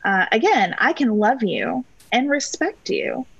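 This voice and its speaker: A woman, a podcast guest and author, talking in an earnest, reflective way in measured full sentences. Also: on the high side, very animated, vocal fry, a bit bright, husky, no room sound, lo-fi sound. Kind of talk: conversational interview.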